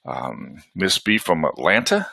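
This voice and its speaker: A man's voice: low voice, very animated, a little slow, gravelly, bright, forceful tone, husky, dry recording. A man with a Southern US accent hosting a live webinar from home, chatting in a folksy way and greeting attendees by name. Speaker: webinar host.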